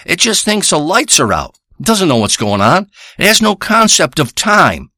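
A man's voice: high voice, big pitch swings, normal speed, pushed and bright, no echo, clean studio sound, exaggerated voice. A man playing a crude, rambling male treasure hunter who boasts and swears through a comic monologue. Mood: boastful. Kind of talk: improvised comic character monologue.

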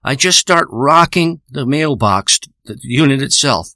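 A man's voice: mid-range voice, expressive, unhurried, bright, forceful tone, dry recording. A man delivering a rambling, profane, boastful spoken monologue into a close microphone. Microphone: close studio microphone.

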